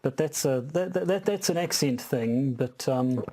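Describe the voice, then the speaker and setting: A man's voice: medium pitch, measured pace, dark tone. A man with a New Zealand accent, co-hosting a casual comedic podcast, chatty and hesitant with fillers and restarts. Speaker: podcast co-host.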